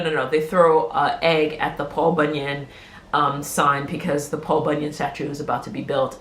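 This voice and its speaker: A woman's voice: lowish voice, reverberant, a little hiss or hum. A woman chatting casually as she recaps a TV episode, acting out the characters' lines and laughing often. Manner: animated storytelling, acts out quotes, laughs often.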